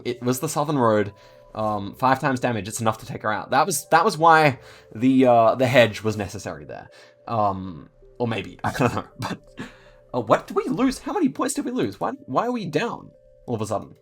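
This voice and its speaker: A man's voice: medium pitch, very animated, moderate pace. A man giving casual commentary on his own game, thinking aloud and stumbling over words with frequent fillers.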